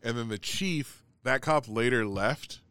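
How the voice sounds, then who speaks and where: A man's voice: mid-range voice, unhurried, a bit bright, smooth, no room sound. A man in casual chat, telling a long story in a rambling way, full of "like" and swearing.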